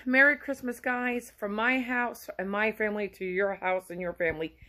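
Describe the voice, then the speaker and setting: A woman's voice: medium pitch, normal speed, a bit bright. A woman in her fifties sends effusive, rambling holiday greetings to her viewers from her home. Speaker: vlogger.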